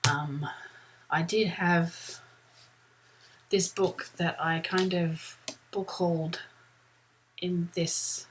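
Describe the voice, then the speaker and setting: A woman's voice: on the low side, fairly even intonation, drawn-out words, long pauses, noisy background. A middle-aged woman vlogging from a room at home, talking in a rambling, chatty way with lots of ums. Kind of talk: casual chat.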